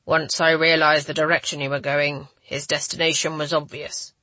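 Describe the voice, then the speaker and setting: A woman voicing a wounded, fading young nobleman who speaks weakly and slowly. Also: little pitch movement, sharp tone, no room sound. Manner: weak, slow, low and breathy.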